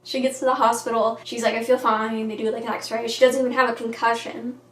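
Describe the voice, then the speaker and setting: A woman's voice: a little high, flat delivery, far from the mic. Chatty young woman in an echoey room. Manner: chatty, many "like"s, acts out quotes in quick voices. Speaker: book vlogger. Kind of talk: casual recap to camera. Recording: echoey room with faint ambience.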